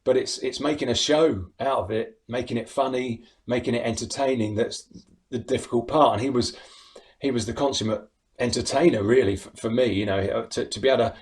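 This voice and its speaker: A man's voice: medium pitch, fairly even intonation, brisk, a little mellow. A middle-aged English man chatting on a video call as an interview guest, laughing often and restarting his sentences. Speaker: impressionist guest. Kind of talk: casual interview chat.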